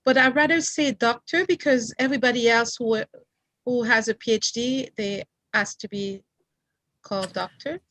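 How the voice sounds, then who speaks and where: A woman's voice: a little high, normal speed, a bit bright, no room sound. A woman with a French accent, a native French speaker, hosting an online memorial gathering and carefully checking how to say guests' names. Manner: careful about pronouncing names, apologetic. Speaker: event host. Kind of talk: casual online meeting chat. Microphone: video call.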